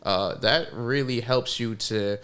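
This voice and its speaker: A man's voice: mid-range voice, slow pace, a bit bright. A young man, a filmmaker guest, chatting casually on a podcast in a laid-back, slangy way with lots of fillers.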